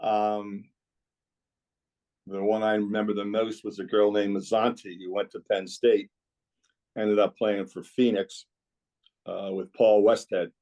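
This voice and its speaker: A man's voice: lowish voice, flat delivery, a little slow, pauses often, mellow. Man reminiscing about coaching. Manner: rambling, reminiscing storyteller. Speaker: guest, former girls' club basketball coach. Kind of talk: casual podcast conversation.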